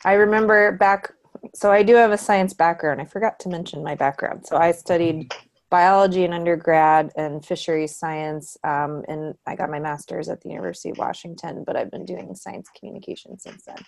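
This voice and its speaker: A woman's voice: fairly low pitch, fairly even intonation, gravelly. A woman leading casual introductions on a video call, chatty and easygoing. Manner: friendly and chatty, quick to laugh. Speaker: meeting facilitator.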